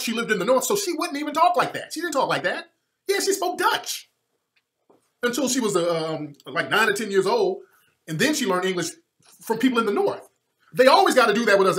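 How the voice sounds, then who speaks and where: Male commentator, high lively voice, emphatic profane rant, repeats his points. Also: a little fast. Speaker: online commentator.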